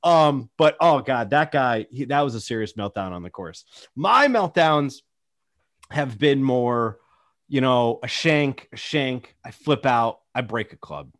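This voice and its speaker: A young man chatting casually as a podcast co-host. He tells stories with animation, acting out what people said, his pitch swinging widely. The sound is dry and close. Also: a little slow, no echo. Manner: animated storyteller, acts out quotes. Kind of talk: casual chat.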